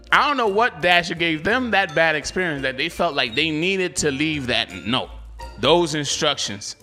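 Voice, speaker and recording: A man's voice: sits high, sharp tone. A man hosting a delivery-driver channel, talking casually with viewers, laughing often in slangy banter.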